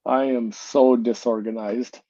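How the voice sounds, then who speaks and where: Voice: mid-range voice, fairly even intonation, measured pace, warm tone, dry recording. A speaker in casual chat who jokes about being disorganized and laughs at herself. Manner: self-deprecating, laughs at herself. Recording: dull lo-fi sound.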